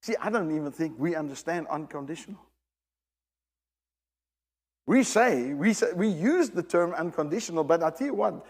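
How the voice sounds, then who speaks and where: Lively high-voiced preacher in a hall. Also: male voice, slightly rough. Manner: emphatic, repeats and restarts phrases, addresses the congregation directly. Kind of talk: sermon.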